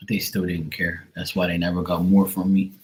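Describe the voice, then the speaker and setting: The voice is a middle-aged man's, deep and at normal speed, as he hosts a livestream as a tarot reader. Casual and chatty, he calls out viewers by name to greet them; the audio quality is poor.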